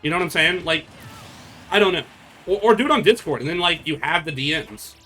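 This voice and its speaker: A young man talks to his stream chat in a loose, rambling way, swearing freely and restarting his sentences. His voice has a bright, forceful edge. Faint music plays underneath. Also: fairly high pitch, a little fast. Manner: blunt, profane, rambling with restarts. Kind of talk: casual stream chat with viewers.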